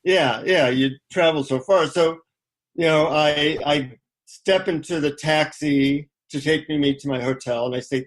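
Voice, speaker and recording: A man being interviewed as a guest, telling a personal story in an animated, anecdotal way with frequent "you know" and "like". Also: fairly high pitch, a little slow.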